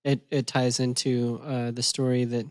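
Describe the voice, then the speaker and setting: A man hosting a podcast in a relaxed, chatty way, reacting to stories and introducing a guest. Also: medium pitch, normal speed, no echo. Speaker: podcast host. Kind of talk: casual chat and interviewing.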